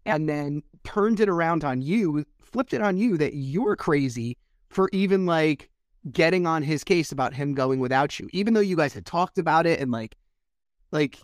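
Animated male podcast host. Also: a little high, normal speed, dry recording, studio quality. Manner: emphatic, acts out quoted voices, swears casually. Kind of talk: conversational interview.

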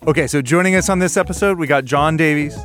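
A man's voice: on the high side, fast talker, music in the background. A man hosting a podcast, bantering in a dry, sarcastic way as he introduces his guests. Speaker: podcast host. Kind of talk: casual podcast chat.

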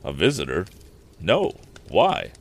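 A man's voice: low voice, wildly swooping pitch, takes it slowly, vocal fry, exaggerated voice. A man voicing a kindly older inventor father in a storybook, speaking mildly. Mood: fatherly.

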